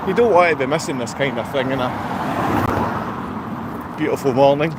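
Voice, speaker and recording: A Scottish man with a Glaswegian accent, rambling to his viewers on a walk-and-talk vlog, chatty and quick to laugh. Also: medium pitch. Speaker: vlogger. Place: outdoors on a town street with traffic. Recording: street traffic noise behind.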